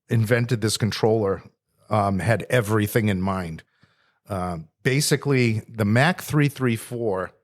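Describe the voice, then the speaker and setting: A man hosting a technical podcast who jokes casually and then explains equipment step by step. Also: fairly low pitch. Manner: jokey, explanatory. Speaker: podcast host, trainer.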